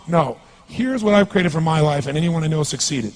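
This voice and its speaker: A man's voice: fairly high pitch, lively intonation, a little fast, slight background noise. A man giving an intense, commanding motivational speech on stage and calling for responses from the audience. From California. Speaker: motivational speaker.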